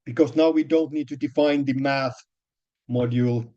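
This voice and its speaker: A man's voice: medium pitch, steady tone, moderate pace, mellow. A man teaching a programming lesson, explaining step by step with many fillers and restarts. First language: Finnish. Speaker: programming lecturer. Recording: dull lo-fi lecture recording.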